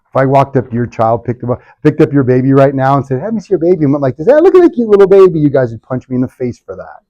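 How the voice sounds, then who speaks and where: A man's voice: medium pitch, mellow. A middle-aged man, a chiropractor, leading a live workshop with punchy talk, sarcastic asides and constant rhetorical questions.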